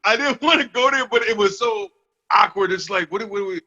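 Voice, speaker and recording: A man's voice: fairly quick, bright, forceful tone, long reverb tail, muffled recording. A young man from the US Northeast, cohosting a podcast in casual chat, telling a story with plenty of laughs and swearing. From Northeast United States. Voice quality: baritone.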